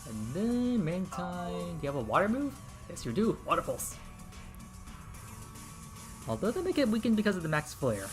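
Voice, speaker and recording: A man's voice: high voice, moderate pace, long pauses, faint music behind. A man hosting a game stream in a casual, joking chat with viewers. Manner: lively, joking, talks to chat.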